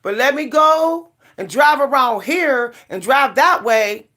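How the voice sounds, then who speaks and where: Emphatic middle-aged woman, fairly high voice. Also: lively intonation, slow pace, sharp tone. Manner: emphatic, repetitive, punchy refrains. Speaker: vlogger. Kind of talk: casual rant to camera.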